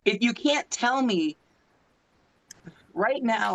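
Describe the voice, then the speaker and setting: A woman's voice: fairly high pitch, a little slow, pauses often, low-quality recording. Middle-aged woman, passionate advocate speaker, emotional and direct, talking over a phone. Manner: earnest, emotional, keeps asking the audience "right?". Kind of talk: impassioned public talk.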